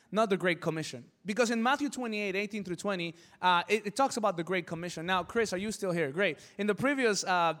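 High-voiced preacher man in a hall. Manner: preaching with sudden loud build-ups and rhetorical questions. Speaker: pastor. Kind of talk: sermon.

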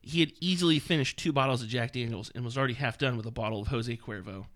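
A man's voice: mid-range voice, quick pace, a bit bright. A man in casual podcast chat, reading passages from a book aloud with mocking asides and laughter. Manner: mocking, laughing while reading, many fillers.

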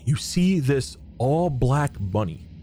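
A man's voice: medium pitch, lively intonation, slow pace, dark tone, a little hiss or hum. A man narrating a tabletop role-playing game as game master, describing scenes with frequent fillers and restarts.

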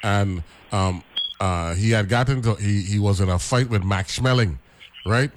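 A man's voice: on the low side, measured pace, slight background noise. A man hosting a radio talk show, rambling with many repeated words and asking "right?" often. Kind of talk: casual radio chat.

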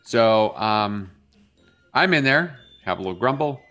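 Animated man telling a bathroom story. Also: measured pace, soft background music. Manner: animated storyteller, jumps into high voices when quoting a woman. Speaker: morning show co-host. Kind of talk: casual radio chat, storytelling.

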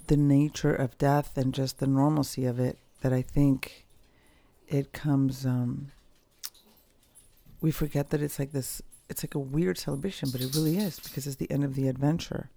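A woman hosts her own podcast from home, speaking in a loose, candid and reflective monologue. Her voice has a gravelly, mellow texture, and she often trails off, restarts and fills pauses. The sound is close and dry. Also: low-pitched, flat delivery, no echo. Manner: candid, rambling, with frequent fillers and restarts. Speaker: podcast host. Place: at home, dogs nearby.

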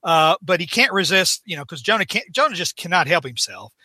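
A man guesting on a podcast, casually recapping a comic story. He talks in a halting way, full of fillers and small chuckles. His voice is high and very bright, recorded dry and close. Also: very animated, husky, dry recording.

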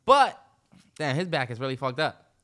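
A man's voice: medium pitch, very animated, normal speed, pushed and bright. A man co-hosting a podcast in casual chat, laid-back and easygoing with plenty of slang. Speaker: podcast co-host.

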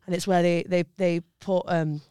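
A woman's voice: on the low side, level tone, normal speed, dark tone, clean tone, dry recording, clean studio sound. A woman comedian telling blunt, laughing stories in casual podcast chat.

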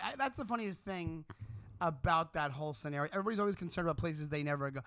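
A man's voice: on the high side, lively intonation, a bit bright. A man co-hosting a casual podcast, jumping in with questions and jokes. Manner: quick, questioning, jokey. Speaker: podcast co-host.

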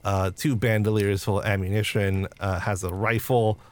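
A man's voice: on the low side, little pitch movement, moderate pace. A man narrating as game master in a tabletop game, casual and loose. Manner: casual, with fillers and restarts.

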